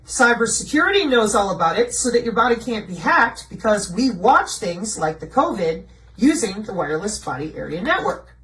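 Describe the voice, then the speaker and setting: A woman's voice: medium pitch, big pitch swings, moderate pace, a bit bright, recorded from a distance, poor audio. A woman presenting slides in a blunt, mocking way, asking herself rhetorical questions and answering them. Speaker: video presenter. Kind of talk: conspiracy commentary over slides.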